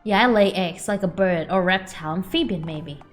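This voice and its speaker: A woman voicing a strange egg-laying male creature who wrangles birds, speaking in a lowered, dry voice. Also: moderate pace, faint music behind, close to an everyday voice. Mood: deadpan. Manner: dry, matter-of-fact.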